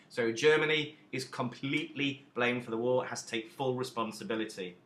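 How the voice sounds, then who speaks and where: A man teaching a recorded history lesson, emphatic and lively, with self-deprecating asides. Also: mid-range voice, a little fast, few pauses, echoey room.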